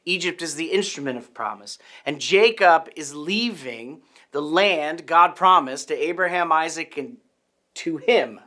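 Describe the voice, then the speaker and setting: A man's voice: fairly high pitch, expressive, measured pace, sharp tone. A man preaching a sermon, teaching earnestly and restarting his phrases. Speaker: pastor.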